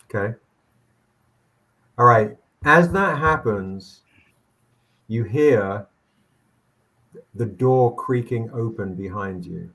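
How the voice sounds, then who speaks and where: Man narrating a tabletop game, halting. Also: on the low side, lively intonation, fairly bright tone. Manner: rambling, halting, many restarts. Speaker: game master.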